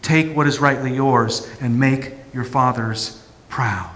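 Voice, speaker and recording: A pastor voicing a heroic inner voice, loud and stirring, in a reverberant church. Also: male voice, medium pitch, slow. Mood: rousing. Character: inner hero voice, booming rallying cry.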